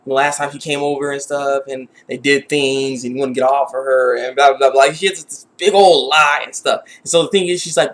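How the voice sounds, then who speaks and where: A man's voice: mid-range voice, fairly even intonation, fairly quick, few pauses, a bit bright. A man casually reviewing an anime episode, rambling with many restarts and sounding exasperated.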